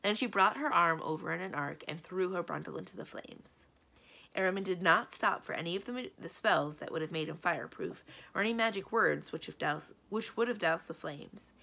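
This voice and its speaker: A woman librarian reading a children's book aloud in a lively, expressive storytelling manner. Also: lowish voice, fairly quick, creaky.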